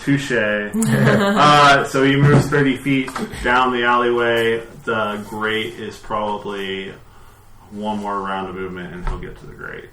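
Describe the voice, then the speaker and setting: A man's voice: on the low side, a little slow. Male game master, laid-back rulings, echoey room, faint hiss. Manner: casual, relaxed rulings with fillers. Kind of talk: running a tabletop game.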